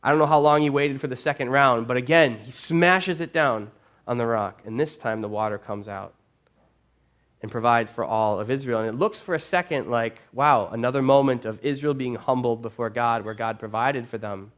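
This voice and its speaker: Preach as a male pastor in a church, telling the story with lively, casual energy, your voice rising and falling as the scene heats up. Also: mid-range voice, moderate pace. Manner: animated storytelling, casual phrasing. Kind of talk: sermon.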